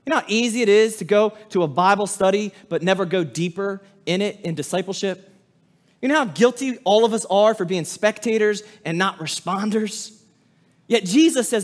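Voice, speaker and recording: High-voiced man preaching with fervor. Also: normal speed. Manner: impassioned preaching with sudden drops to a hush. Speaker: pastor. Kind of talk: sermon.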